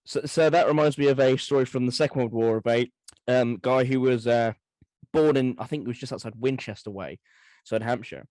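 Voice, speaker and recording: A man co-hosting a casual history podcast, telling stories quickly and eagerly. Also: mid-range voice, a little mellow, no echo. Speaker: podcast co-host.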